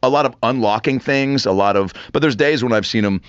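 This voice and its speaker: Fast-talking male podcast guest. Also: medium pitch, smooth, no echo, highs cut off. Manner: rambling storyteller with restarts and swearing. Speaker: comedian guest. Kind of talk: casual podcast chat. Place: podcast studio.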